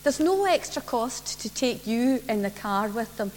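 Woman playing a mum, calm, reassuring, slow, long hall echo. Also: fairly high pitch. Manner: soothing, reassuring. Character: kind, patient mother, calm and gentle. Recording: reverberant church, faint hum.

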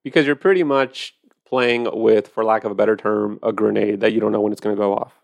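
A man's voice: fairly low pitch, fairly even intonation, brisk, creaky, a little mellow, dry recording. A man hosting a podcast, chatting casually and animatedly about wine, with profane storytelling. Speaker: podcast host.

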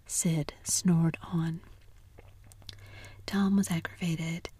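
A woman reads a classic story aloud in whispered role-play, soft and measured. Her hushed voice is dark and husky, recorded close and dry. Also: low voice, level tone, dry recording. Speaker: narrator.

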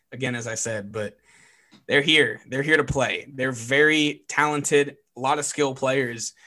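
A young man hosting a casual sports chat, upbeat, moving through segments with quick asides. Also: mid-range voice, sharp tone. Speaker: sports podcast host.

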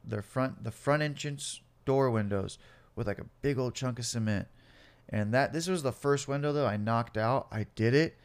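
A man's voice: medium pitch, normal speed. A man in his late twenties or older telling his own life story in a casual interview, swearing a lot and acting out the other people in it. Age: late 20s or older. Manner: profane, animated, acts out cops and himself.

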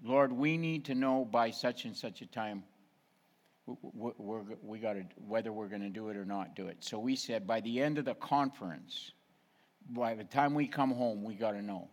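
A man's voice: lowish voice, moderate pace. A middle-aged man, a pastor, talking plainly and frankly in a casual ministry talk and asking his listeners directly.

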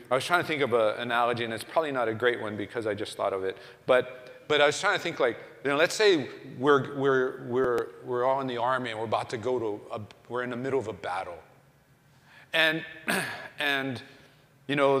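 A man's voice: medium pitch, fairly bright tone. A man giving a conversational sermon, full of rhetorical questions and restarts. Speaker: pastor. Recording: long reverb of a hall.

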